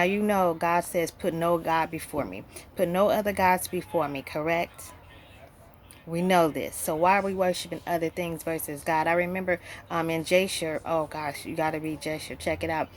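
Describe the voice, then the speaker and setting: A woman's voice: fairly low pitch, slight background noise. A woman giving a casual Bible lesson, talking conversationally, with many fillers and rhetorical questions. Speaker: Bible teacher.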